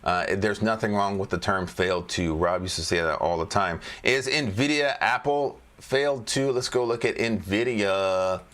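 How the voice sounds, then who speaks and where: A man with a somewhat low voice talks through stock charts in a loose, casual way. He repeats phrases, riffs on the side, and laughs to himself as he works through the list. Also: a little slow, hardly any pauses, a bit bright. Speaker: trading educator. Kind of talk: casual screen-share chart walkthrough.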